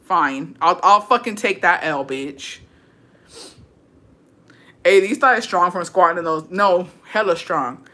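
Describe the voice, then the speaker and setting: A woman's voice: fairly low pitch, slow pace, pauses often, sharp tone. A woman telling crude stories in casual chat, laughing often and swearing freely, slipping Spanish words into her English. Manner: crude, profane, laughing storytelling. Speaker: content creator reading viewer stories.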